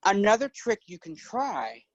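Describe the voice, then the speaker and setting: As a guest in a casual conversation, a middle-aged man spins laid-back stories, occasionally putting on voices for the characters. He speaks unhurriedly in a fairly high voice, and the audio is poor.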